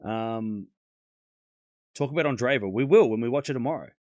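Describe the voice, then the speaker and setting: A man with a sore throat hosting a tennis livestream, chatting casually to his viewers in a blunt, animated way and scolding them when they get rude. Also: mid-range voice, normal speed, dry recording.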